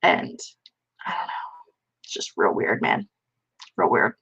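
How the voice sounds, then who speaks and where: A woman's voice: unhurried, a bit bright. A woman hosting a live writing stream alone, rambling and poking fun at herself as she chats with viewers. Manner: rambling, self-mocking, talks to chat. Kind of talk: casual live-stream chat. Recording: slightly dull lo-fi stream audio.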